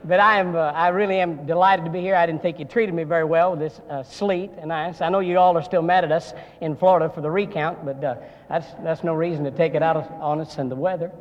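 A man's voice: on the high side, fairly even intonation, quick pace, few pauses, dull audio. A man preaching as a guest speaker in a seminary chapel, a folksy storyteller who jokes with the crowd. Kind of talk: sermon. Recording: long hall reverb.

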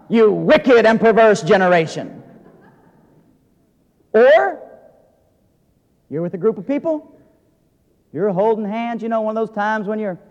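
A male pastor preaches earnestly in a notably high voice, swinging from loud emphasis to hushed intensity. His sermon carries a long reverb through a large hall. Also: muffled recording.

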